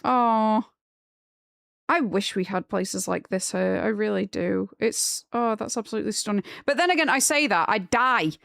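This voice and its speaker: A woman's voice: medium pitch, moderate pace, creaky, dry recording. A young woman talks to her live-stream chat, wandering from thought to thought and gushing over things she likes. Her voice sits in a middle register, recorded dry and close on a desk microphone with no room sound. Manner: chatty and rambling, gushing when excited.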